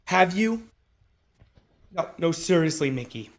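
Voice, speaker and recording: Angry male commentator, profane and mocking, voice on the higher side. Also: animated, slow pace. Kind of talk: ranting commentary. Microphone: phone.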